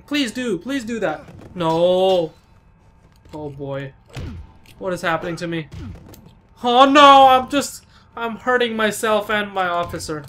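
A man commentates his own gameplay in a voice that sits high and sounds bright and edgy. He is jumpy, often yelping in alarm and swearing at what happens on screen. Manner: jumpy, cries out in panic, curses at the game. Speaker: let's play commentator.

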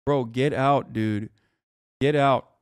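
A man's voice: medium pitch, fairly even intonation, slow pace, no room sound, studio quality. A man streaming live, reacting in a heated, profane rant. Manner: angry, profane ranting.

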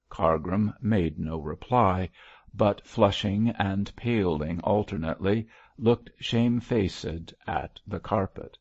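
A man narrating an audiobook in a measured, unhurried reading. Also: deep voice, darkish tone. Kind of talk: scripted narration. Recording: dull lo-fi dry recording.

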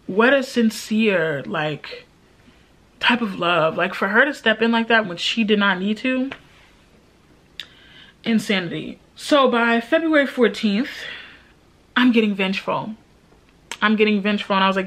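A woman's voice: mid-range voice, normal speed, fairly bright tone. Young female vlogger, casual storytime, candid and emotional, mid-range voice. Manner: candid, emotional, repeats phrases for emphasis.

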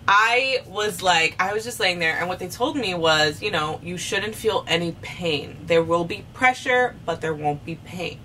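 Chatty young woman, low voice. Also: far from the mic, a little hiss or hum. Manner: animated, acts out quotes with sharp high pitch jumps; chatty, many fillers like "you know" and "like". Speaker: vlogger telling her birth story. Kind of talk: casual storytelling.

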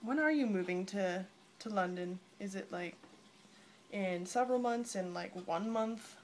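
A woman's voice: medium pitch, measured pace, slight background noise. Giggly young woman vlogging on her phone. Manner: bubbly, giggly, rambling. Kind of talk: casual vlog chat to friends. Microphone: phone camera at arm's length.

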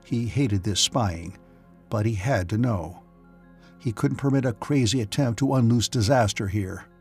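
A man's voice: on the low side, a little slow, darkish tone. A man narrating a science fiction audiobook with dramatic storytelling. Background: faint music.

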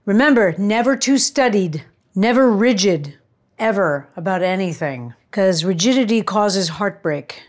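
A woman's voice: mid-range voice, expressive, unhurried. A woman hosting a cooking show, chatting to viewers in a gushing, casual way as she demonstrates a recipe.

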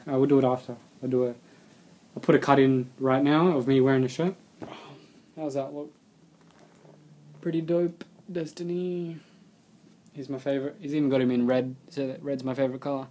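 A man's voice: mid-range voice, a little mellow, a little hiss or hum. Rambling young guy unboxing. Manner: rambling, swears casually, mutters to himself. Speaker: vlogger unboxing a subscription box. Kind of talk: casual unboxing commentary.

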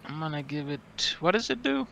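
A man's voice: on the high side, big pitch swings, a little fast, vocal fry, background noise. A man playing in a tabletop role-playing game, who asks hesitant questions about the rules. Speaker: player.

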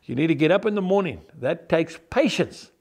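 Lively, gravelly-voiced man preaching. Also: a little high, a little fast. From South Africa. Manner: folksy, emphatic, addresses viewers as folks. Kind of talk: devotional sermon to camera. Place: on his farm.

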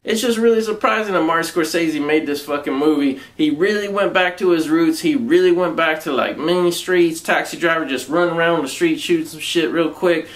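A man's voice: on the high side, fairly quick, few pauses. A man with a Southern US accent reviewing a movie in a rambling, casual way, swearing constantly and using slang.

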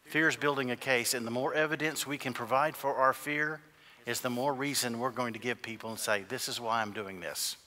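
A male pastor preaching a sermon in a church, moving from quiet, intimate passages to loud, shouted climaxes. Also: medium pitch, fairly even intonation, a little fast. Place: church sanctuary. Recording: long church reverb.

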